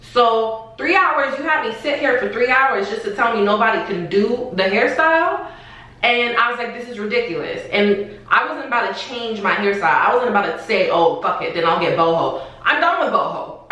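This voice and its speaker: A young woman telling a story in a casual vlog, in an animated, exasperated way, with slang and swearing. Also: a little high, moderate pace. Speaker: vlogger. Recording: echoey room, far from the mic.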